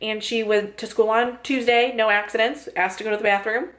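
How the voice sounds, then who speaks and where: A woman's voice: a little high, fairly even intonation, a little fast, a bit bright. A young woman vlogging in casual chat, chatty, laughing often and putting on voices when she quotes people.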